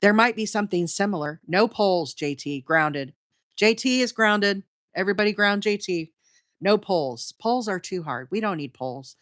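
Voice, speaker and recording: A woman's voice: medium pitch, animated, moderate pace, a bit bright, dry recording, clean studio sound. A middle-aged woman with a Southern US accent, hosting a crochet livestream in a chatty, rambling way and talking straight to her chat. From Alabama, US. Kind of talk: casual live-stream chat while crocheting.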